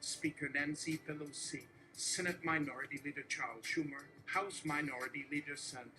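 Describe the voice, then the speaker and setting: A man reading a satirical political speech aloud in a deadpan way, listing names and policies one after another. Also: a little high, moderate pace, over music, poor audio. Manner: steady listing delivery. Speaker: host reading a mock speech.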